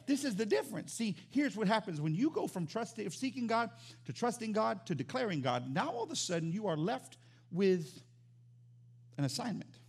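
A high-voiced man preaching a sermon as pastor. He is animated, jumping from loud exclamations down to quiet, emphatic lines. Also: moderate pace, husky.

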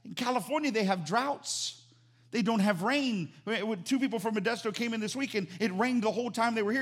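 A man preaching a sermon as pastor, animated and emphatic, repeating phrases for emphasis. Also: high voice, brisk.

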